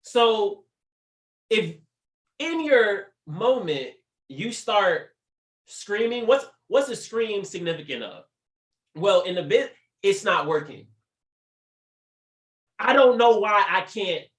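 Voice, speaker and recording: A man's voice: high voice, very animated, takes it slowly, long pauses, fairly bright tone, roomy sound. A man giving a faith-based motivational talk on a livestream, playful and laughing often as he acts out little scenes. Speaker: motivational speaker.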